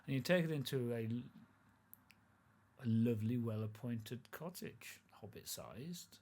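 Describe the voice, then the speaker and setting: A man narrating a tabletop role-playing game as game master, relaxed and rambling, with lots of fillers and restarts. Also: mid-range voice, measured pace, slight background noise.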